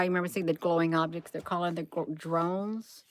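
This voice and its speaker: A woman's voice: on the low side, fairly even intonation, a little fast, hardly any pauses, no room sound. A woman hosting a casual livestream, musing aloud, reading from the screen and answering chat. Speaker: livestream host.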